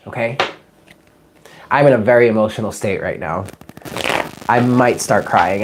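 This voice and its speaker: A woman with an unusually deep, low voice hosts a live tarot stream. She chats with viewers, reads their names from the chat and moves into spoken prayers and affirmations. Her tone stays affectionate and conversational throughout. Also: animated, a little slow, long pauses, background noise. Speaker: tarot reader.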